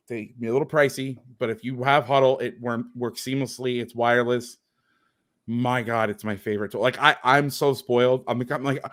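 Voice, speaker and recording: A man talks football film over a video call at an ordinary pitch. He is a coach who is sarcastic and openly exasperated as he picks apart each play. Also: fairly bright tone.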